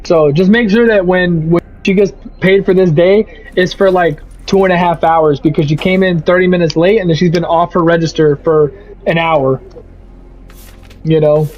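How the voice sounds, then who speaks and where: A young man streaming a game, telling a profane, animated story about a bad work shift. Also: high voice, normal speed. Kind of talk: casual rant over gameplay. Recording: slightly muffled, faint music.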